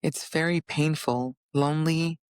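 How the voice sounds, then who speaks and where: A woman telling her personal story in an earnest, animated way, acting out inner voices and conversations as she goes. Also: sits low, measured pace, smooth, no echo, studio quality. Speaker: vlogger.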